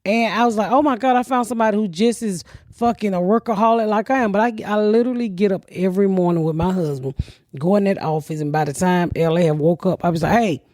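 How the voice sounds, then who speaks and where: A woman's voice: mid-range voice, fast, a little mellow, dry recording, clean studio sound. A middle-aged woman hosting a podcast, telling stories in a brash, profane way with lots of laughter. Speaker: podcast host. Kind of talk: casual podcast chat.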